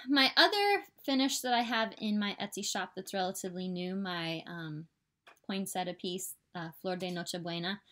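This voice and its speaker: A woman's voice: medium pitch, fairly bright tone. A woman in her thirties from southern Illinois with a Midwestern American accent, chatting in a casual, upbeat way about her stitching, with rambling asides. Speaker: stitching vlogger. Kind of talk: casual chat. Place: home.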